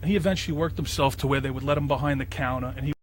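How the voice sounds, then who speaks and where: A man's voice: mid-range voice, fairly even intonation, rapid-fire, slightly rough, no echo. A man hosting a casual chat, rambling with lots of fillers as he talks about local spots. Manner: rambling, lots of "you know" and "like". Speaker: host.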